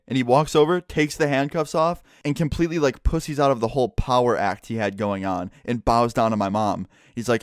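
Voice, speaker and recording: Brief: young male vlogger, rapid storytime delivery, dry close sound. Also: mid-range voice, no echo. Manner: animated, blunt, swears. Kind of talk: casual storytime.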